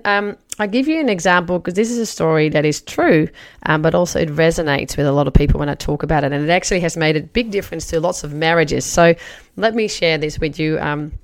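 Gravelly-voiced woman coach telling a story. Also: low voice. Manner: chatty, animated, acts out her own past remarks. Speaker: life coach and trainer. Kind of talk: teaching talk with a personal story.

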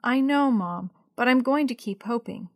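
A woman's voice: a little high, normal speed, dry recording, clean studio sound, pitched above the performer's own voice, close to an everyday voice. Storybook role: heartbroken young girl, tearful and pleading, voiced by a woman narrator. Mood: sad pleading. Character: sad young girl who lost her cat.

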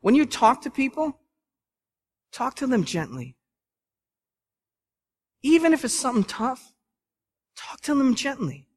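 A man in his thirties preaching a sermon as pastor in a church, earnest and emphatic, now gentle and now rising to loud bursts. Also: sits high. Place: church sanctuary.

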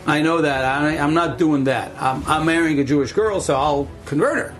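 A man's voice: a little high, moderate pace, faint music behind, natural voice. A man voicing an earnest young doctor who speaks bluntly and repeats himself. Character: earnest young male doctor, set on his plan.

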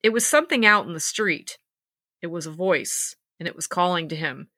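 A woman hosting a podcast, reading scary stories aloud and chatting about them, with lively acted-out quotes. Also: on the low side, normal speed, no echo, clean studio sound. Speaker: podcast host and storyteller.

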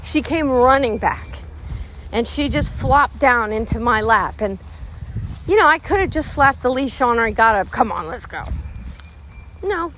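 Woman, middle-aged dog trainer, slightly high voice, slow, calm, reassuring teaching delivery, faint outdoor ambience. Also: slight background noise. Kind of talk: instructional storytelling.

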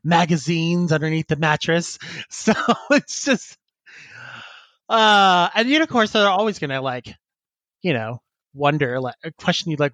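A man's voice: on the high side, animated, unhurried, fairly bright tone, no echo. A man co-hosting a casual podcast, who laughs often and rambles while he reads listener emails and chats. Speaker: podcast co-host.

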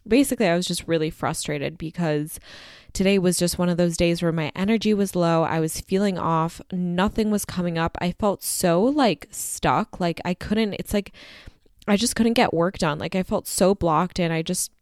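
Chatty young woman podcast host, lowish voice. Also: moderate pace, darkish tone, no echo, studio quality. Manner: candid and chatty, heavy use of "like"; swears freely. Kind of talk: casual solo podcast monologue.

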